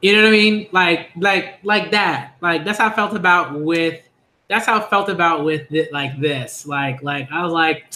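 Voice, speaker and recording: A man's voice: moderate pace, a little hiss or hum. Rambling man in an echoey room. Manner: rambling, repetitive fillers, bursts of high laughing excitement. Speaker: manga reaction youtuber. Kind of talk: casual rambling reaction stream.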